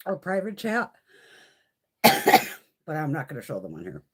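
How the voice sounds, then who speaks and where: A woman's voice: sits low, huge pitch swings, takes it slowly, background noise. A woman casually chatting on a live beauty stream, rambling and swearing a lot. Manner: chatty, laughs often.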